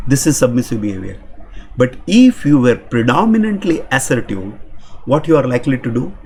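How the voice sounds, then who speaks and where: A man's voice: mid-range voice, a little hiss or hum. A man with an Indian English accent giving an emphatic, motivational seminar talk to an audience as a management consultant. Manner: animated, emphatic lecturing to an audience.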